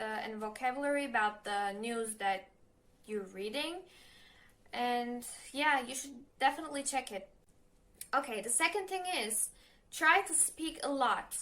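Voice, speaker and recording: Bright high-voiced young Turkish-accented woman. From Turkey. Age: young adult. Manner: chatty, halting, lots of fillers and self-corrections. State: nervous. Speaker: language learner vlogger. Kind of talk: casual advice vlog.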